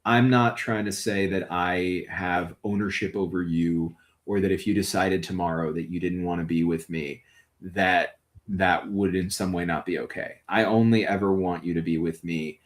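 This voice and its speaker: A man's voice: sits low, voice pushed down, close to an everyday voice. A man voicing a caring, blunt partner in a tabletop game, speaking earnestly and swearing often. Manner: earnest, blunt and profane, tender. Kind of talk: tabletop role-play in character.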